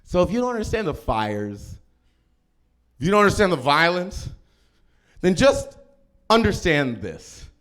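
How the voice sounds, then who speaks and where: A man doing a stand-up set on a club stage, jumping into loud shouted quotes. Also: high voice, big pitch swings, unhurried, long pauses. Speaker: stand-up comedian. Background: live audience.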